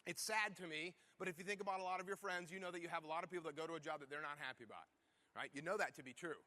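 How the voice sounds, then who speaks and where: A man's voice: on the high side, very fast, bright, forceful tone. A man giving a motivational keynote talk to a conference audience, firing off punchy rhetorical questions. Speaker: conference speaker.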